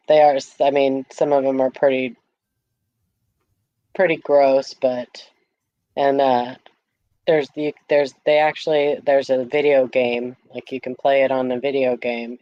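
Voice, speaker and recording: A woman's voice: rumbling low, no room sound, dull audio. Giggly woman hosting a live stream. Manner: playful, giggly, repeats words, reads chat aloud. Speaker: host of a live morning stream. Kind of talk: casual live-stream chat.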